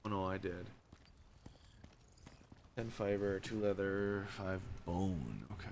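A man with a low voice chats casually while playing a co-op game. His replies are easygoing and relaxed. Faint game ambience sits behind him. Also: slow, slight background noise. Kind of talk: casual co-op gaming chat.

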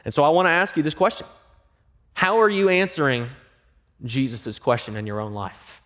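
A man preaching a sermon in a higher, very lively voice that swings from bright, quick-fire questions to quiet, weighty emphasis. He acts out quoted voices and asks the congregation direct questions. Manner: animated preaching that drops to hushed, emphatic lines. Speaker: pastor.

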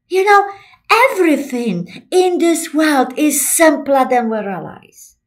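A woman speaks slowly in a high voice, talking through a casual motivational self-help piece. She repeats herself often and swings from hushed, almost whispered phrases to excited, animated peaks. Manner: lively, repetitive, swoops between soft and excited. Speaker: self-help video host.

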